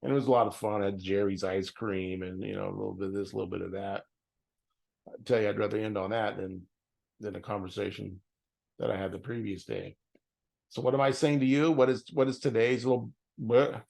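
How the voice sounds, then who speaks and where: A man's voice: fairly low pitch, brisk, creaky, darkish tone. A middle-aged man telling a personal story in an earnest, emotional way, often repeating phrases for emphasis. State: tearful at times. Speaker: vlogger.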